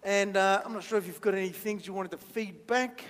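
A high-voiced minister speaks fairly quickly in a steady, slightly bright tone during a children's talk at church. Chatty and full of jokes, he quizzes the audience as he draws, and the hall gives a long reverb.

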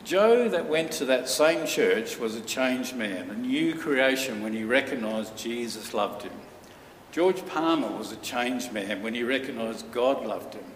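A man preaches in a church hall, building his story with earnest, dramatic pauses. He sounds set back from the microphone, and his voice rings out in a long, echoing reverb. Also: medium pitch, expressive, a little hiss or hum. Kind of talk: sermon. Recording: echoey hall from far off.

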